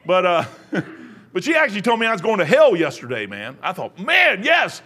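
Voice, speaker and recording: A man's voice: high voice, wildly swooping pitch, brisk, a bit bright. A middle-aged man preaching a sermon, rambling into joking personal asides.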